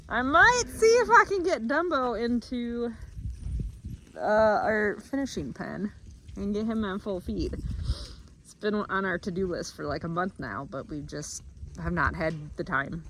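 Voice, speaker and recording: A woman's voice: mid-range voice, sharp tone, a little hiss or hum. A young woman with an Upper Midwest American accent, narrating casually while she works with livestock outdoors, chatting playfully to the animals and a little out of breath. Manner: chatty, talks to the animals in a playful sing-song. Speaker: farmer vlogger. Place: outdoors on a farm among cattle.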